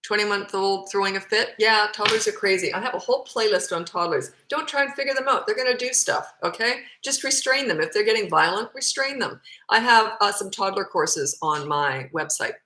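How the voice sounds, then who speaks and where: A woman's voice: medium pitch, lively intonation, brisk, few pauses, pushed and bright, roomy sound, low-quality recording. A woman in her fifties, a parenting coach, answering viewer questions in a blunt, matter-of-fact way. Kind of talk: casual Q&A advice.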